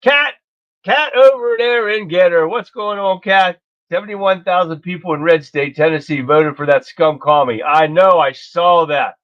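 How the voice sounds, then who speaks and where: A man's voice: high-pitched, moderate pace. A man hosting a casual political live stream, folksy and chatty, greeting viewers by name. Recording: dull lo-fi stream audio.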